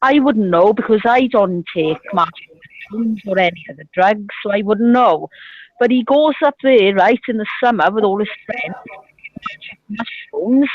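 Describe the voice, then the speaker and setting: Over the phone from a beer garden, a middle-aged woman chats and tells gossipy stories, breaking into loud bursts of laughter. Her medium-pitched voice moves at normal speed, and the audio is dull.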